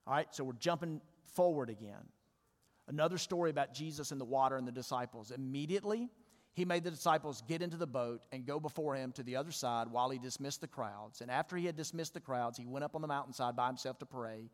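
A man's voice: medium pitch, quick pace. A male pastor giving a sermon in a church, talking conversationally and asking his congregation questions. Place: church sanctuary. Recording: long church reverb.

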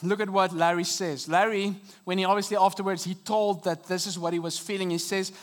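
High-voiced man preaching a sermon. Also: little pitch movement, a little fast, few pauses. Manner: earnest, dynamic preaching with sudden soft drops and emphatic rises. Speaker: pastor. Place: church auditorium.

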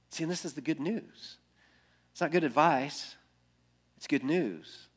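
A male pastor preaching an earnest sermon that builds through repeated phrases and often drops to a hush. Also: fairly high pitch, a little slow, pauses often, breathy edge.

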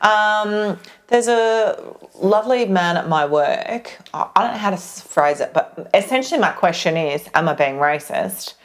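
An Australian woman chats on a podcast, spinning an embarrassing anecdote. Her pitch swings widely and she laughs easily as she goes. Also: normal speed. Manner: animated storytelling, laughs often. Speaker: podcast co-host. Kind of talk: casual chat.

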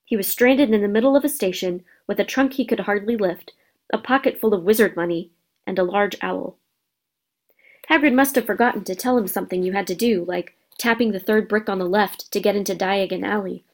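A woman's voice: mid-range voice, brisk. Woman reading a storybook aloud. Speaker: narrator.

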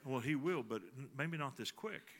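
A man's voice: mid-range voice, expressive, normal speed, very noisy. A middle-aged man, preaching a sermon in a folksy storytelling way and talking to the congregation. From Texas. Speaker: pastor.

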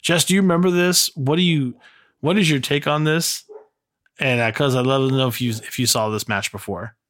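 A man's voice: mid-range voice, brisk, fairly bright tone. A man co-hosting a casual podcast chat, recounting events with fillers and self-corrections. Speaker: podcast co-host.

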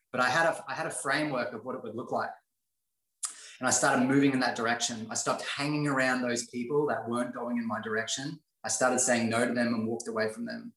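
A man's voice: mid-range voice, fairly even intonation, fast, fairly bright tone. A man sharing his life story in an earnest, motivational way, often repeating phrases for emphasis. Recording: roomy echo.

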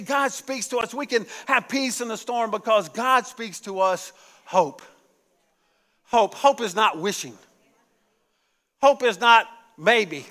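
A man's voice: high voice, bright, forceful tone. A man preaching a sermon as pastor, with call-and-response lines and emphatic repetition, recorded in a church sanctuary. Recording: echoey church hall.

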